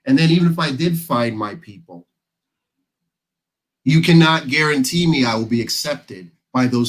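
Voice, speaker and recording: A man's voice: medium pitch, low-quality recording. Emphatic American man telling stories. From United States. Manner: storytelling, emphatic. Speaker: panelist. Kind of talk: casual panel discussion.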